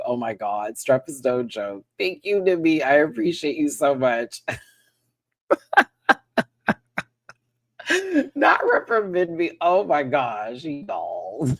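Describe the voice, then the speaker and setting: A man's voice: mid-range voice, fairly bright tone. A man from Texas hosting a casual live review, chatty, giggly and playful. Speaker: host.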